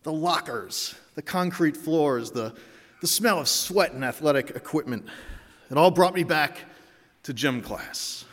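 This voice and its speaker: A man's voice: a little high, lively intonation, unhurried, fairly bright tone, big-room sound. A pastor, a man, preaching a sermon from the pulpit in a wry, self-deprecating way, a little out of breath. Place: church sanctuary.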